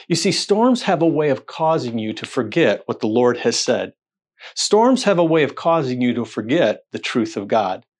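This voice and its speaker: Man preaching an animated sermon. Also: on the high side. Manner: animated storytelling with rhetorical questions and quoted voices.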